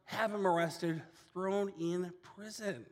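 A man preaching a sermon as a casual, animated storyteller. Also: high-pitched, takes it slowly, big-room sound. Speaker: pastor.

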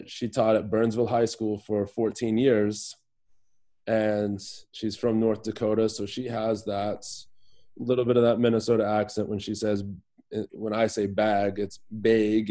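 A man's voice: lowish voice, dark tone. A man from Virginia, a soccer player guesting on a podcast, talking in an easygoing, rambling way with lots of fillers. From Virginia, USA. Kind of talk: casual interview chat.

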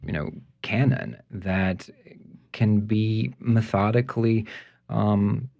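Deep-voiced man explaining words. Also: fairly even intonation, slow, creaky, a little mellow, highs cut off. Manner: thoughtful, explanatory, many fillers and restarts. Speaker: guest, French language expert. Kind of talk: conversational explanation.

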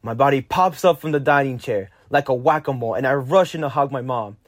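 A teenage boy reading a personal story aloud, lively and lifting his voice for his own quoted lines. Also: brisk, no room sound, clean studio sound. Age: teens. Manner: lively, jumps higher when quoting his younger self. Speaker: narrator.

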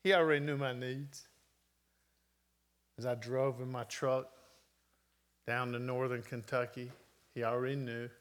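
A man's voice: medium pitch, flat delivery, unhurried, pauses often. A middle-aged man preaching a sermon, telling a personal story with emotion and earnest emphasis. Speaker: pastor.

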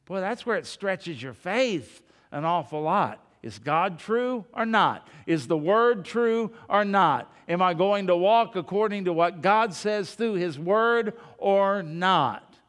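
A man delivers a sermon in a high, smooth, resonant voice, talking to his congregation like folks across the table and asking one rhetorical question after another. His words ring out with the long reverb of a large hall. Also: expressive, slow, hardly any pauses, fairly bright tone. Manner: conversational, full of rhetorical questions; addresses the congregation directly as folks. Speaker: preacher.

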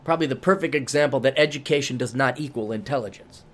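A man's voice: mid-range voice, fast talker. A man hosting his own podcast, talking alone in a ranting, scornful and sarcastic way. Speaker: podcast host. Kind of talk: opinionated solo podcast monologue.

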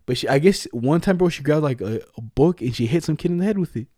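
A man's voice: on the high side, animated, fast, warm tone, dry recording, studio quality. A young man in casual chat, telling school stories with lots of slang and laughter.

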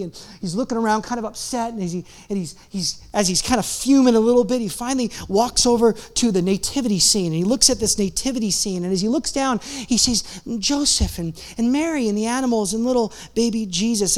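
Male pastor, casual sermon delivery, resonant and smooth. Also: high voice. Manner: casual, chatty preaching with self-interruptions. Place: church.

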